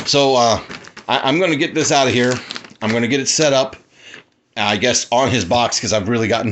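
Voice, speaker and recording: Excitable man rambling through an unboxing. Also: medium pitch. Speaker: toy collector vlogger. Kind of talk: casual unboxing vlog. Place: cluttered apartment room. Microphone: handheld cellphone.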